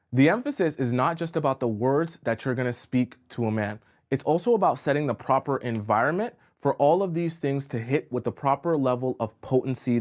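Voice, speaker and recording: A man coaching a live-streamed lesson with a voice of ordinary middle pitch. He talks straight to his chat, often checking in with a quick "okay?". He tends to stumble and repeat himself as he sketches. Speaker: dating coach.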